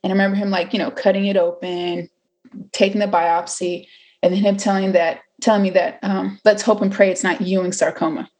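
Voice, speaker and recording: A woman's voice: medium pitch, level tone, brisk, darkish tone. A woman in her twenties candidly telling a personal story, chatty, with many fillers and acted-out quotes. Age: 20s.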